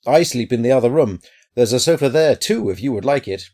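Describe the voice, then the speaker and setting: A man voicing a practical, puzzled young man who talks briskly and tries to soothe. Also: medium pitch, animated, darkish tone, pitched above the performer's own voice, natural voice. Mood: soothing.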